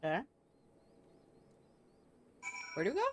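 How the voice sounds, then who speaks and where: A woman's voice: rapid-fire, soft background music. A woman streamer chatting casually over her gameplay, playful and giggly, making jokey asides to herself.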